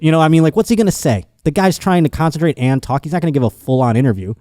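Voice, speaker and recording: A man hosting a podcast, telling a story in a casual, animated and profane comic monologue. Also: a little high, racing, hardly any pauses, no echo, studio quality. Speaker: podcast host.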